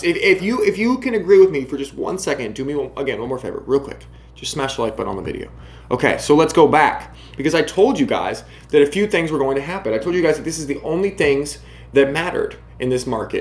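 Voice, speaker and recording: A man giving casual market commentary to camera, brash and emphatic, often mocking his viewers. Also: on the high side.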